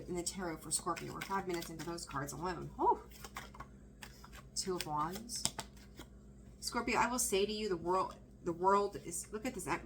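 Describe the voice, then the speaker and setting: A woman giving a casual, excitable tarot reading, chatting and laughing as she breaks off mid-sentence. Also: mid-range voice, slight background noise, poor audio. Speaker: tarot reader.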